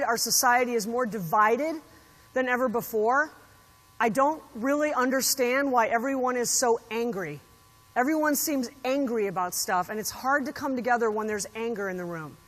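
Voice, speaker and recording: Animated woman keynote speaker in a hall. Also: on the high side. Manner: animated storyteller acting out quotes. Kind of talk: motivational keynote speech. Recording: hall reverb.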